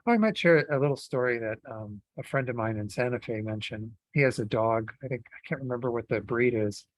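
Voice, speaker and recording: A Buddhist teacher gives a dharma talk in a relaxed, conversational style, often pausing on fillers and restarting phrases while he thinks. His voice is at an ordinary middle pitch, and the close, dry recording has no room echo.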